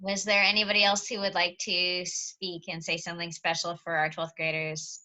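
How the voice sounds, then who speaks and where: A woman's voice: on the low side, little pitch movement, normal speed, pushed and bright. A woman teacher hosting a graduation on a video call, friendly and encouraging with light jokes. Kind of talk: casual chat.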